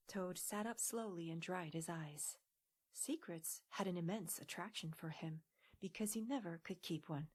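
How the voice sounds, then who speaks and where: Soft, breathy woman reading a storybook. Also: fairly low pitch, normal speed. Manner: gentle, hushed, half-whispered. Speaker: audiobook narrator. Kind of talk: soft audiobook narration.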